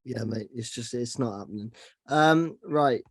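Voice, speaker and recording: A man's voice: mid-range voice, measured pace, breathy edge, dry recording, studio quality. A man hosting a casual film podcast, talking hesitantly with lots of ums and restarts. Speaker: podcast host.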